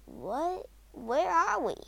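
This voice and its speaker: Lady reading as a brave little boy, earnest and comforting, slow storybook voice. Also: high-pitched, wildly swooping pitch, vocal fry, a bit bright, no room sound, pitched above the performer's own voice, exaggerated voice. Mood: reassuring. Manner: earnest, reassuring. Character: young boy, brave and caring.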